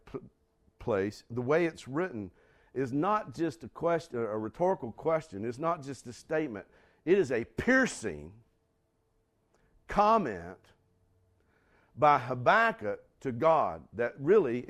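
Animated male preacher with a lively pitch. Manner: animated, swings from loud exclamations to quiet asides; acts out quoted dialogue, asks the congregation questions. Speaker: pastor. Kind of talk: sermon.

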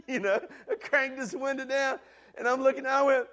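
A man preaching a sermon, telling a lively personal story before turning to a quieter, earnest point. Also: very high voice, normal speed. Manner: animated storyteller, loud hollering peaks. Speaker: pastor.

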